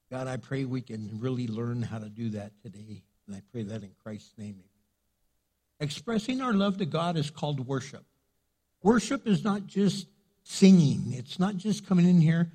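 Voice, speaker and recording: An older pastor preaches in a church sanctuary, talking in a loose, conversational way with plenty of filler words. His voice is mellow and dark, with a husky edge. The pitch sits at an ordinary level for a man. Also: lively intonation, normal speed. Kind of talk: sermon.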